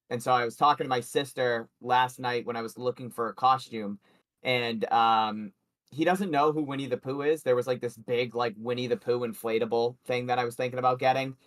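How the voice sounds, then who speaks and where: A man hosting a sports betting livestream with a co-host. He talks in a loose, chatty way and swears casually. His voice sits at an ordinary mid pitch for a man. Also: a bit bright.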